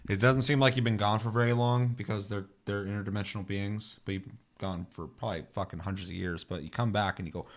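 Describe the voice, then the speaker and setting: Profane, rambling gamer guy, low voice. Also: steady tone, quick pace. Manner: rambling, profane, acts out funny voices in his stories. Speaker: podcast co-host. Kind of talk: casual gaming chat.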